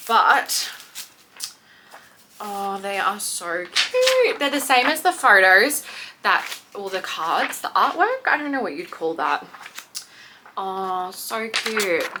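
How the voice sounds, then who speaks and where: A young woman chatting excitedly to viewers as she unboxes a book parcel. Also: medium pitch, noisy background. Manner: gushing, excitable, talks to viewers. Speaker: book vlogger. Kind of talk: casual unboxing chat.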